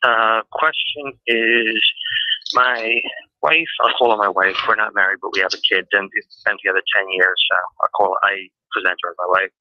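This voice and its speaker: A man's voice: on the low side, fairly even intonation, normal speed, no room sound. A man from Long Island calling in to a radio show over a phone line, speaking hesitantly and plainly. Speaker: caller.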